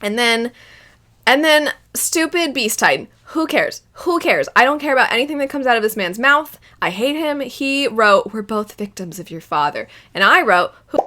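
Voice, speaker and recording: A young woman hosting an anime reaction channel, talking casually and animatedly, bursting into loud exasperated outbursts. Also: a little high, lively intonation, normal speed. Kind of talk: casual spoken commentary.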